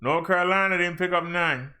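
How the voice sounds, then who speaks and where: A male minister in casual livestream chat, joking around and getting excited when he reads out numbers. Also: high-pitched, a little fast. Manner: chatty, jokey, excited when reading numbers.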